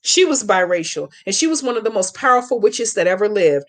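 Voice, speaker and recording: A woman's voice: mid-range voice, big pitch swings, brisk, fairly bright tone. Brash, profane woman hosting a livestream. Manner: brash, profane and chatty, addressing viewers as baby; slangy, emphatic instructions. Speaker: hoodoo practitioner hosting a live Q&A. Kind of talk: casual livestream Q&A and spell tutorial.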